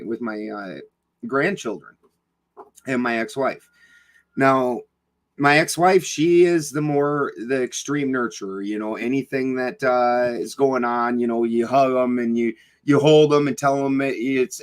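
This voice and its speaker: A man's voice: medium pitch, poor audio. Blunt, rambling middle-aged man. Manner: rambling and blunt, swears freely, many fillers and restarts. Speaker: podcast guest. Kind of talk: casual storytelling interview.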